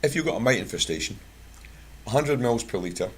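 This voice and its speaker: A man's voice: medium pitch, lively intonation, a little fast, husky. A Scottish man from Scotland giving a chatty, plain-spoken talk to a bird club, mixing product advice with anecdotes. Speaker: guest speaker at a bird club.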